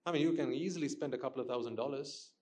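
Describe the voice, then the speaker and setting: A man's voice: mid-range voice, very fast, a little mellow. A man giving a Buddhist dharma talk to listeners, questioning them and repeating his points for emphasis. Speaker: Buddhist teacher.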